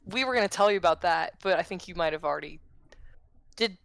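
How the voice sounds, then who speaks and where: A woman's voice: on the low side, fast, gravelly, a bit bright, no room sound. A flustered young male warlock, as a woman plays him. He tries to sound cheerful but trips over his own words, and the voice is dry and close.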